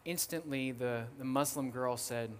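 A young man, a missionary guest speaker, tells a story in a sermon, lively and casual with frequent fillers. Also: medium pitch, a little slow, long reverb tail, a little hiss or hum. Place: church sanctuary.

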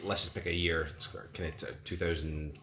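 A man in his forties co-hosts a laid-back music chat in a very low voice. He rambles, hesitates and restarts his sentences often. The recording sounds roomy, with a faint hiss underneath. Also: level tone, a little fast, bright, forceful tone. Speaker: podcast co-host.

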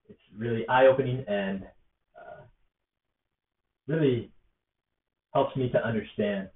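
A man's voice: medium pitch, reverberant. Young man, casual rambling storytelling, filler words, laptop mic, distant, tinny phone-like sound. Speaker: rally organizer. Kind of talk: casual spoken reflection to camera. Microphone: laptop or tablet built-in mic.

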